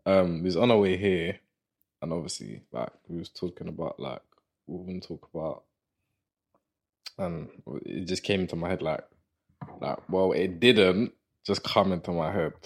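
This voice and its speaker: A man's voice: sits low, moderate pace, pauses often. A man co-hosting a podcast in casual chat, laid-back and jokey, with many fillers. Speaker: podcast co-host.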